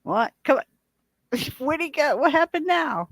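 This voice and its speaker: A woman's voice: sits high, animated, slow pace, dry recording, low-quality recording. A woman chatting casually as a guest on a livestream, playful and teasing and laughing often.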